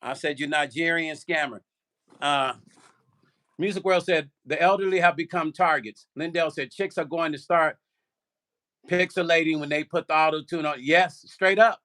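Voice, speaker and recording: An older man hosting a vlog, telling a story straight to his viewers in an animated, profane way. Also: a little high, moderate pace. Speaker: vlog host. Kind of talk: casual livestream storytelling.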